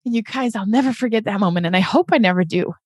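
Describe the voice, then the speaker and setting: A woman's voice: medium pitch, fast talker, no echo, studio quality. A woman telling a personal story as a podcast guest, in an earnest, heartfelt way, often tagging her sentences with "right?" and talking to listeners as "you guys". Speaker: podcast guest, real estate investor.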